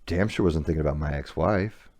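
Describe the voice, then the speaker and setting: A man's voice: extremely low pitch, fairly quick, vocal fry, a little mellow. A middle-aged man hosting a podcast, telling a candid personal story in a blunt, profane, confessional way. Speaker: podcast host.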